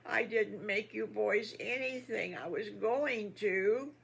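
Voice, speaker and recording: A woman's voice: mid-range voice, animated, normal speed, pushed and bright. An older woman voicing a tearful mother pig. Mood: sad.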